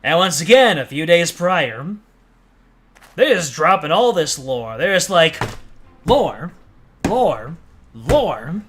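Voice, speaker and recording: A man's voice: on the high side, expressive, a little slow, fairly bright tone, slight background noise. A man streaming a story game, chatting and joking as he reacts aloud. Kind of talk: casual game streaming commentary. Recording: faint game music behind.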